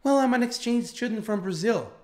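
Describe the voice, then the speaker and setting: A man's voice: very high voice, lively intonation, fairly quick, a little mellow, pitched above the performer's own voice. A man voicing a polite young Brazilian exchange student who gives earnest answers.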